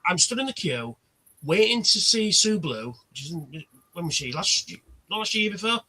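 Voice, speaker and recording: A man's voice: high voice, sing-song, normal speed, sharp tone, husky. A man hosting a casual livestream chat, telling anecdotes and acting out the quoted exchanges. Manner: chatty storyteller, acts out quoted exchanges. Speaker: livestream host.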